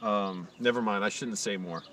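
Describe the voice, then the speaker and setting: A man's voice: lowish voice, moderate pace, a bit bright, far from the mic. A young man rants on a live stream at home, rambling and swearing, and he slips into sarcastic mock voices now and then. He sits a little back from the mic. A faint hiss of background noise runs under his voice. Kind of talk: casual ranting monologue.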